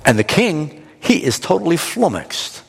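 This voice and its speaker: A male pastor delivers a sermon, retelling a story with a lively, swooping voice and dramatic flair. His voice rings with a long reverb, as in a large hall. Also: a little high, unhurried, creaky, slight background noise.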